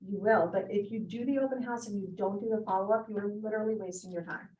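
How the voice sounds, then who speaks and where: A woman's voice: mid-range voice, steady tone, fast talker, a little mellow, dull audio. Emphatic woman agent sharing advice. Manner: emphatic, direct, repeats points. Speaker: real estate agent. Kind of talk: sharing advice at a team meeting. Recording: echoey room, voice from far off.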